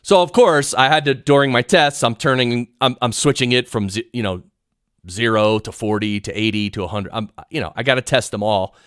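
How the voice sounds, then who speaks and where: A man teaching podcast audio production on a live stream, rambling and excitable, often interrupting himself, speaking into a studio mic in a home studio. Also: medium pitch, brisk, clean tone, no echo. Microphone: studio mic through audio recorder.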